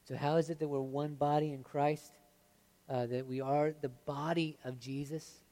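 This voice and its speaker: A man preaching a conversational sermon, often checking in with "right?" and "okay?", moving between lively emphasis and quiet, earnest stretches. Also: a little high, normal speed. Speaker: pastor.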